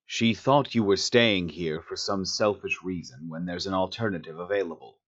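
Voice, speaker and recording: A man doing a deep rumbling polite alien. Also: normal speed, fairly bright tone, muffled recording. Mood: earnest. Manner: conciliatory and apologetic. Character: polite, soft-spoken male alien diplomat.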